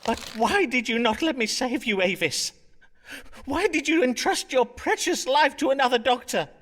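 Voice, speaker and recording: A dramatic old-time astrologer, animated high voice, archaic speech. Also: male voice, normal speed, slight background noise. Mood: grieving. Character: Elizabethan astrologer doctor, proud and dramatic.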